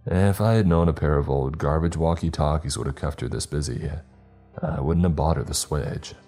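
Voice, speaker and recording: A weary wife brushes things off with curt, dismissive lines, as a male narrator puts her on. The delivery stays very low and dark, with a husky grain. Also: moderate pace, soft background music. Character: dismissive tired wife and mother.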